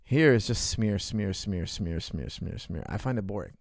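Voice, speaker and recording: A man's voice: lowish voice, animated, normal speed, vocal fry, dry recording, clean studio sound. A man hosting a show as a coach, giving casual reaction commentary in short, repeated bursts. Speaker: martial arts coach and show host.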